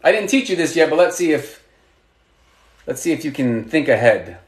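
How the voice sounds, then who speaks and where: A man teaches a live online lesson in a patient, encouraging way, asking questions and praising each answer. His voice sits a little high for a man. The room around him has a noticeable echo. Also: sing-song, normal speed. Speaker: Arabic teacher.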